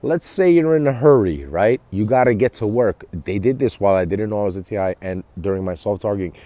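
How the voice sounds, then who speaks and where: Swearing man with a lively pitch. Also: a little fast, dry recording. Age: adult with children. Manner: rambling, heavy swearing, frequent restarts. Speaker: vlogger. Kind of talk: casual monologue.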